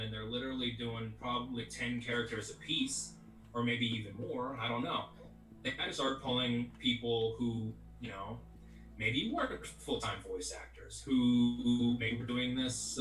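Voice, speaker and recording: A man's voice: mid-range voice, bright, forceful tone. A middle-aged man, a voice actor being interviewed, chatting casually and rambling with lots of "you know what I mean". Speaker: voice actor guest. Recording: echoey, distant mic, faint music.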